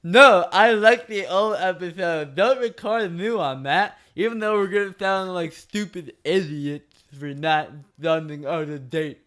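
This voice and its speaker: Man doing a goofy slurred-accent impression of a buddy, higher and bright. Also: a little slow, hardly any pauses. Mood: mocking. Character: co-host friend mocked in a garbled silly accent.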